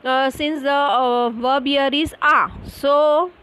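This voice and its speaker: A woman teaches French online. She explains each answer slowly, pausing on fillers and spelling words out letter by letter, in the manner of a classroom correction session. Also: high-pitched, steady tone, a bit bright, low-quality recording.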